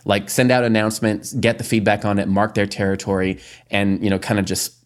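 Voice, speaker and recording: A man hosting a casual podcast talk, his voice on the low side. He chats freely, sprinkling in likes and little laughs. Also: flat delivery. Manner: chatty, quick to laugh, filler-heavy. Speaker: podcast host. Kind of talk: casual discussion.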